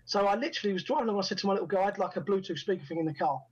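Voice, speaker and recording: A man's voice: high voice, racing, husky, dull audio. A middle-aged man, a guest actor and director, telling anecdotes in an interview and acting out the dialogue he quotes. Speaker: guest, actor and first-time film director. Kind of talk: casual storytelling in an interview.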